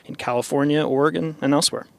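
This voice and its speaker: A man's voice: on the high side, fairly even intonation, fast, creaky, dry recording. A man reporting from outdoors beside an airfield, speaking in a plain, conversational way for a news program.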